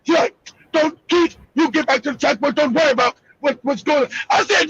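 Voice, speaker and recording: Brief: male host, very high voice, loud profane shouting rants, muffled lo-fi sound. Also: fairly quick, vocal fry, slight background noise. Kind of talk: heated live broadcast talk.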